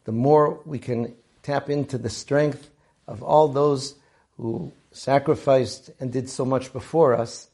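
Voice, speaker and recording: A man hosting a weekly storytelling show, narrating in an earnest, measured way and using Hebrew and Yiddish terms. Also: mid-range voice, steady tone, vocal fry, warm tone, breathy edge. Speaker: storyteller host.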